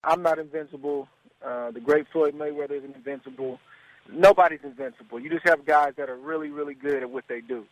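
A man's voice: fairly high pitch, fairly quick, poor audio. A man speaking earnestly as a guest in a radio interview, often repeating himself.

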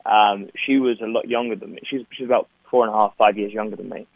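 A man's voice: on the low side, steady tone, fast, dry recording. A young man with an English accent, an actor chatting as an interview guest, talking freely with many fillers and laughs. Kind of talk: remote interview. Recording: tinny phone-like line, dry.

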